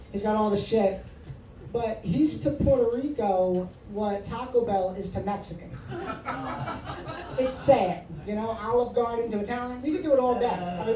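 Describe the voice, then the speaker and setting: A male stand-up comedian working the crowd in a comedy club, brash and profane, teasing the audience. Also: sits high. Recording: echoey room, distant mic, noisy.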